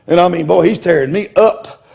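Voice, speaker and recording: A man's voice: high-pitched, fairly quick, creaky, a little mellow, breathy edge. A man preaching in a humorous storytelling style, blunt and self-mocking, often laughing as he talks. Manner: blunt, confrontational delivery.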